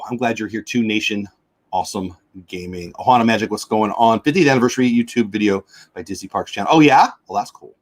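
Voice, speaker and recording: Chatty man rambling on a livestream. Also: mid-range voice. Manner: chatty, rambling, reads with stumbles and asides. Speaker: livestream host. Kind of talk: casual livestream chat, reading aloud.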